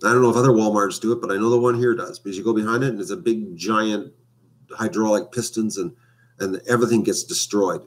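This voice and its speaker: A man's voice: lowish voice, steady tone, fast talker. A man chatting casually on a home live stream, rambling and hesitant with many fillers. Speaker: vlogger. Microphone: webcam.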